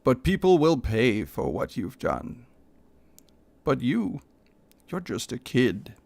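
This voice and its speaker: Dude reading as a gentle soft-hearted elf, low and quiet. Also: male voice, very animated, slow, gravelly, no room sound, heavily acted. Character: soft-hearted elf tending a dying warrior.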